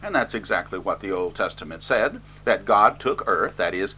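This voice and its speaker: A man's voice: low voice, expressive, normal speed, sharp tone, husky, poor audio. A man preaching an expository sermon, reading scripture aloud and then explaining it plainly, with fillers.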